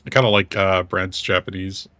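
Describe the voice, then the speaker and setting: A man's voice: deep voice, fairly even intonation, normal speed, bright, forceful tone. A man streaming a game and chatting casually with his viewers in a rambling way. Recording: dry close mic, faint music.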